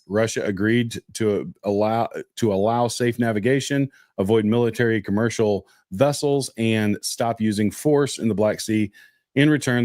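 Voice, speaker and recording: A man's voice: lowish voice, a little mellow, no room sound, studio quality. A man co-hosting a casual political podcast, reading news stories aloud with many fillers and restarts.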